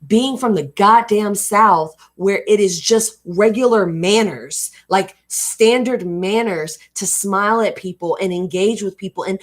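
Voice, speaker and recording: A woman from North Carolina with a light Southern accent reads a book aloud on her livestream. Her mid-range voice moves unhurriedly with few pauses, and she's chatty and blunt, swearing freely whenever she wanders off into asides.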